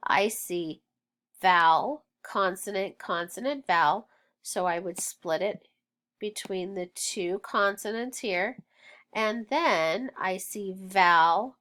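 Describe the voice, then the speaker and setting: A woman teacher leading a phonics lesson for young children, sounding out words slowly and deliberately. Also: medium pitch, fairly bright tone. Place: home, recording alone.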